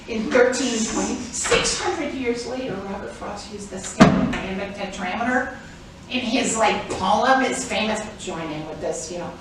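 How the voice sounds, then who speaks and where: An older woman giving an informal, chatty performance talk as an author at a library, laughing often as she speaks. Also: medium pitch. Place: public library event room. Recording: very echoey room, distant mic, faint noise.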